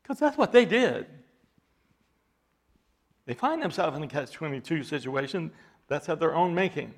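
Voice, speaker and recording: A man preaching a sermon, reading scripture aloud with dramatic emphasis and explaining it slowly and deliberately, his intensity rising as he goes. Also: fairly high pitch, big pitch swings. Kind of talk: expository sermon.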